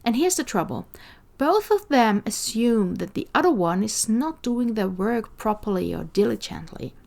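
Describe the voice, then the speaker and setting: Austrian woman host, slightly gravelly. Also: fairly high pitch, moderate pace. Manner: explains with worked examples, lively and direct. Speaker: podcast host. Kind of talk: conversational interview.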